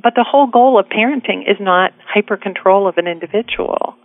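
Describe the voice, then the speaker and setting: A woman's voice: mid-range voice, fairly quick, no room sound. A middle-aged woman, a guest author, speaking earnestly and from the heart in a casual interview. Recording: tinny phone line.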